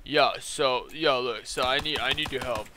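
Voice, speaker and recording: A man voicing an excitable young male shop customer who talks in repetitive slang. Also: mid-range voice, moderate pace, background noise, close to an everyday voice. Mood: pleading.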